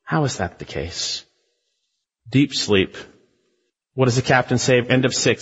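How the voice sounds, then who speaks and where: A man preaching a sermon as a pastor, emphatic, with rhetorical questions and shifts between loud and hushed delivery. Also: medium pitch, huge pitch swings, measured pace, pauses often, husky. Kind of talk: expository sermon. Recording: muffled, reverberant sanctuary recording.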